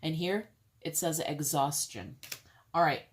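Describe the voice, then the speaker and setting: Woman tarot reader, low voice, chatty and blunt, swears freely, faint hiss behind. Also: measured pace. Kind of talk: casual tarot reading to viewers.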